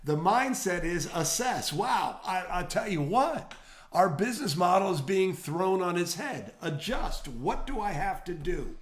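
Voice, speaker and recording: A man with a Michigan accent co-hosting a retail training webinar, giving advice in an energetic, coaching tone. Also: sits high, measured pace, echoey room. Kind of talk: casual webinar talk.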